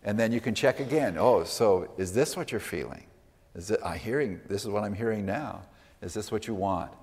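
A man teaching a workshop on listening in a gentle, measured way, often letting his voice fall quietly at the ends of phrases. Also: fairly low pitch. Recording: reverberant hall.

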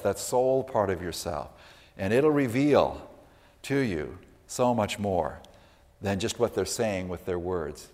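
A man teaching a workshop on listening in a gentle, measured way, often letting his voice fall quietly at the ends of phrases. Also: on the low side. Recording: reverberant hall.

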